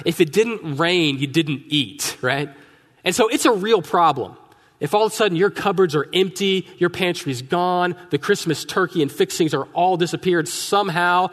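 Male pastor: fairly high voice, joking conversational sermon, long reverb of a church sanctuary. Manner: humorous, conversational preaching with rhetorical asides.

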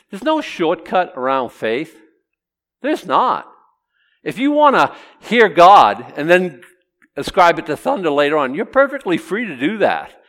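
His voice is a little high with big pitch swings, a measured pace and a fairly bright tone as he preaches a Bible lesson conversationally. Chatty throughout, he asks his audience questions and performs the quotes he reads.

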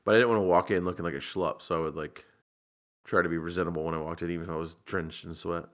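A man from the southern US, co-hosting a podcast, talking quickly in casual, joking, profane chat. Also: deep voice, fairly even intonation, fairly bright tone. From southern US (Georgia). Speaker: podcast co-host.

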